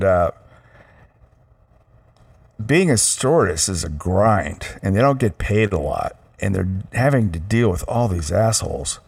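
A middle-aged father co-hosting a casual chat at home, rambling with lots of restarts. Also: on the low side. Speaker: father and podcast co-host. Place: home room with air conditioner.

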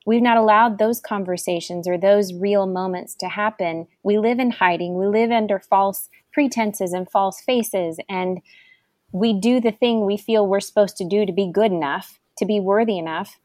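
A woman's voice: mid-range voice, moderate pace, darkish tone, no echo, studio quality. A woman hosting a casual conversation, reflective and empathetic as she responds to her guest. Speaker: host. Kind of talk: casual chat.

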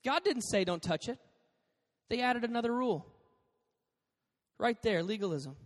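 High-voiced joking pastor in a reverberant hall. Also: male voice, normal speed. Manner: animated, joking storyteller. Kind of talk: sermon.

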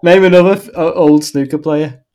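A man's voice: on the high side, steady tone, a little fast, dark tone, a little hiss or hum. A man in casual chat, joking around and quizzing his friend.

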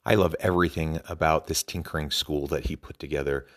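Guy with a really low voice doing podcast commentary, earnest, some ums. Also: fairly even intonation, fairly quick, fairly bright tone. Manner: earnest, enthusiastic, with fillers and restarts. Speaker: podcast host.

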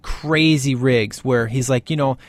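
A man talking casually and with excitement through a movie's scenes, gushing as he goes and often tagging "man" onto his lines. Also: medium pitch, a little slow, no echo. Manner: gushing and animated, keeps saying "man". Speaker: film commentator.

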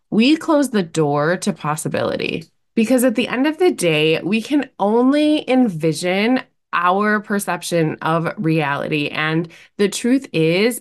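A woman hosting her own podcast as a mindset coach, talking in an upbeat, encouraging way while congested and stuffy-nosed after the flu. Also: lowish voice. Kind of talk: scripted intro, then casual solo podcast talk.

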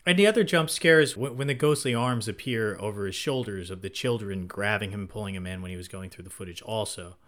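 A man's voice: fairly low pitch, fairly quick, hardly any pauses, fairly bright tone. A man co-hosting a casual film discussion, eager and often restarting his sentences. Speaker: podcast co-host.

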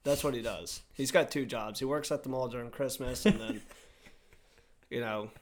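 A young man casually telling a story on a podcast, animated and profane, acting out what people said. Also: medium pitch, normal speed, a little hiss or hum.

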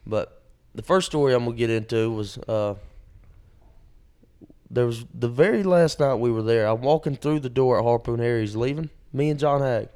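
A man's voice: medium pitch, mellow, clear, resonant tone. A man, co-hosting a podcast and telling rambling stories with plenty of fillers. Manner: rambling, drawn-out storytelling with many fillers. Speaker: podcast co-host. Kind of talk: casual storytelling chat.

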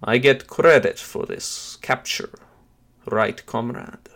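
A man's voice: mid-range voice, takes it slowly, gravelly, a bit bright. A man voicing a ruthless middle-aged male janitor henchman who talks tersely and drops small words. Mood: calm scheming.

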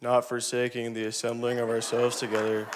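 A man in a church congregation reading scripture aloud in a flat, plain way. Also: medium pitch, a little fast, crowd noise, noisy background. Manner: reads flatly, answers briefly. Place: church sanctuary.

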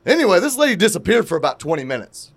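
A man telling a crude, animated story in casual profane podcast chat, laughing at his own tale. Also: high voice, very fast, creaky, husky, no echo.

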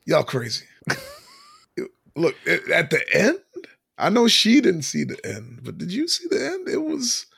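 A man co-hosting a laid-back movie podcast, his fairly high voice carrying a strong gravelly fry, recorded close and dry. He is playful, laughs often and rambles through restarts. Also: huge pitch swings, a little slow, fairly bright tone, no echo. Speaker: podcast co-host. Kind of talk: casual movie-review chat.

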